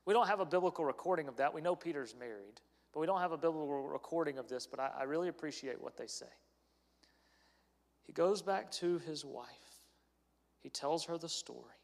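A man's voice: fairly high pitch, brisk, creaky. A man preaching a sermon as a pastor, telling a story in an earnest way. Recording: long hall reverb.

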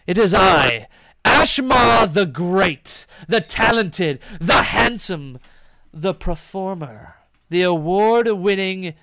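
A man's voice: high voice, animated, takes it slowly, a bit bright, smooth, no echo, exaggerated voice. A man voicing a vain, grandiose male actor who declaims theatrically and boasts of himself. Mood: boastful.

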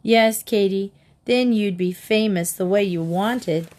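A woman's voice: medium pitch, slow, a little mellow, natural voice. A giggly young girl in a storybook who frets easily, voiced by a woman. Her voice rises a bit above the narration. She speaks lightly and playfully.

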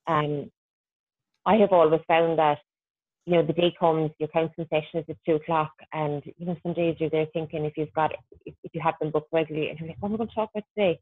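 A woman's voice: low voice, level tone, brisk, no echo. Woman, podcast guest, chatty and practical, over a thin phone line with a dry sound. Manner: chatty, practical, self-deprecating. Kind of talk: casual podcast chat.

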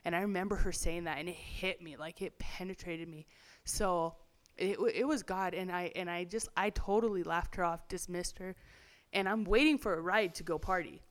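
A young woman with a slightly low voice tells her life story as an interview guest. She talks casually, leaning on "like" and "you know", and slips into quick impressions of people from her past. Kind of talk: personal testimony storytelling.

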